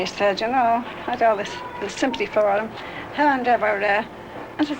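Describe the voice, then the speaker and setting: A woman's voice: fairly high pitch, brisk. An older woman with a Dublin Irish accent, recalling a neighbour in a rambling, chatty way and acting out the dialogue. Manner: chatty, acts out quoted dialogue. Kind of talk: rambling reminiscence. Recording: noisy 1960s archive recording.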